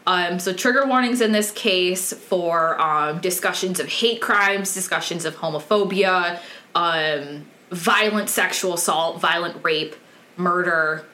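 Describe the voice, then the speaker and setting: A woman's voice: on the low side, unhurried, sharp tone. A woman hosting a true crime podcast, telling the case in a candid, casual way with many ums. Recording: roomy echoey room.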